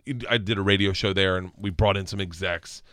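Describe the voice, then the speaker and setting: A middle-aged man telling a comic story on a podcast, loud and laughing, acting out the voices of the people in it. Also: sits low, steady tone, a little fast, no echo, clean studio sound. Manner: loud, laughing, acts out voices in his stories. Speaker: stand-up comedian guest.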